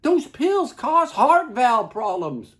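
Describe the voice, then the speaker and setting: A man's voice: very high-pitched, sing-song, fairly bright tone. Guy doing a folksy stage monologue as a regular husband, voice jumps all over, keeps repeating himself. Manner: folksy, storytelling, halting repeats. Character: Carl, plain-spoken middle-aged husband. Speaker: actor performing a monologue. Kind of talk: theatrical monologue.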